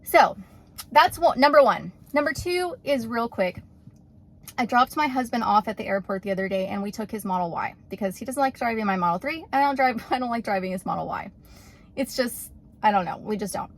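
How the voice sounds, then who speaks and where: A woman's voice: fairly high pitch, animated, brisk. A woman vlogger casually telling a funny story, rambling and giggly with lots of fillers. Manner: chatty, rambling, full of "like" fillers. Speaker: YouTuber.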